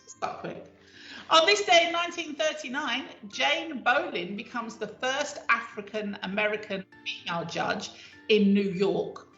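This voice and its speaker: Bright chatty woman co-host. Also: on the high side, moderate pace, echoey room, dull audio, soft background music. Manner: chatty, reads out history facts. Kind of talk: casual chat show.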